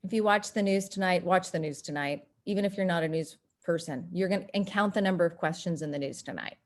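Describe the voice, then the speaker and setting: A woman from North Texas, presenting an online workshop and acting out quotes in lively voices. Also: fast talker. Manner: animated, acts out quoted voices with big pitch jumps.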